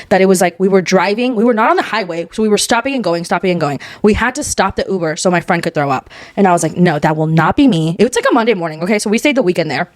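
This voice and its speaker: A young podcast co-host spills a chaotic story at top speed. Her voice sits dry and close, in a middle pitch. She swears freely and plays up the drama of every moment. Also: no echo. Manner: profane, dramatic, fast-flowing storyteller. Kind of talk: casual chat, storytelling.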